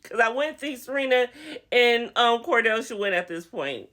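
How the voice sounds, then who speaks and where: A woman's voice: a little high, unhurried, a bit bright. A young woman recapping a reality TV episode in a chatty, slangy, gossipy way, calling her viewers honey and y'all.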